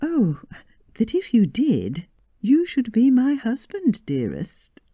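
A woman voicing a demure, playful young bride in a read-aloud story, speaking softly and teasingly. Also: on the high side, huge pitch swings, takes it slowly, slightly rough, no room sound, clean studio sound, pitched above the performer's own voice, full character voice.

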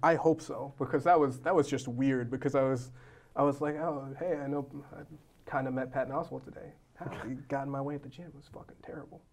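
A young man, a novelist guest on a talk show, telling stories in a lively way and acting out the quotes. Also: medium pitch, fairly quick. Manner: animated storyteller, acts out quotes. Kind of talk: casual talk show chat.

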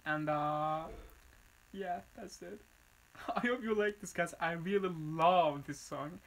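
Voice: medium pitch, fairly bright tone, low-quality recording. Gushing reaction vlogger, Arabic accent. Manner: gushing, halting non-native English with many fillers. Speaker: reaction video host. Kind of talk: excited music reaction vlog.

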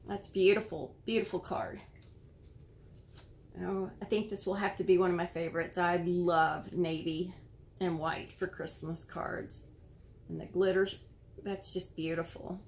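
A woman's voice: on the low side, steady tone, normal speed, slight background noise. Admiring American woman showing handmade cards. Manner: admiring, gentle, searches for words. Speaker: card-making channel host. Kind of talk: casual show-and-tell of handmade cards.

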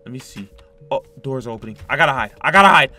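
A man's voice: mid-range voice, lively intonation, quick pace, sharp tone. A young man commentating a Minecraft horror play-through, slangy and jumpy, yelping and screaming at scares. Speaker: gaming YouTuber.

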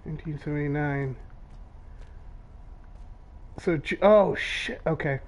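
A man's voice: on the high side, a little hiss or hum. A man co-hosting a horror game stream in casual chat, swearing often as he plays. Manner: swears a lot, drawn-out and anxious. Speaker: co-host playing a horror game.

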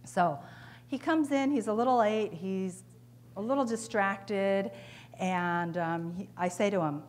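A woman's voice: medium pitch, unhurried. Conversational woman giving a conference keynote. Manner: conversational, engaging the audience with questions. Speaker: keynote speaker. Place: conference hall.

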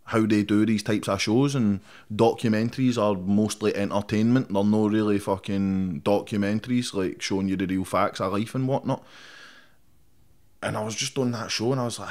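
A young Scottish man with a fairly low voice talks bluntly through a casual interview. He swears freely and drops "mate" into almost every sentence. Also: steady tone, moderate pace, darkish tone. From Scotland. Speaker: rapper guest.

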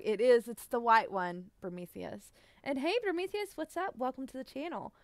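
Bubbly woman game streamer, fairly high voice, dry close sound, giggly, greets chat by name. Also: sing-song, normal speed, no echo. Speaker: Twitch streamer. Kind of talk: casual live-stream chat.

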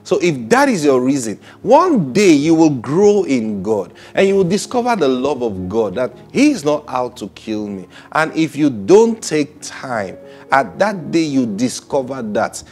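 A man preaching a sermon in an animated way, acting out quoted people and repeating words. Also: mid-range voice, a little slow, faint music behind.

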